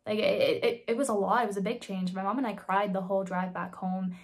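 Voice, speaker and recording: A woman's voice: medium pitch, steady tone, fairly quick. Candid young woman telling a story. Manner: candid, swears freely, acts out quoted voices. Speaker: vlogger. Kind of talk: casual storytelling.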